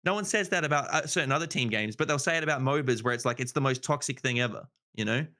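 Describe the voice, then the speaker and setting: A man's voice: medium pitch, fast talker, pushed and bright. A man rambling in casual podcast chat, swearing freely and saying "you know" a lot. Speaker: podcast guest.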